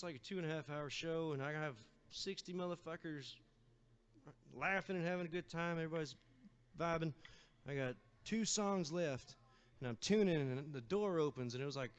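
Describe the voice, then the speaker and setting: A man's voice: a little high, smooth. A man, a singer-guitarist, telling a loose, swearing story on stage between songs at a live bar show. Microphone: stage vocal microphone. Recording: slightly dull live-stream sound with guitar.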